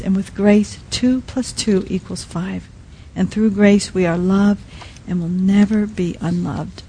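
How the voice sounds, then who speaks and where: A woman preaching a sermon in a soft, halting way, often dropping to a quiet hush. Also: medium pitch, husky, poor audio. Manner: soft, halting, many restarts and fillers. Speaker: speaker at a Christian teaching.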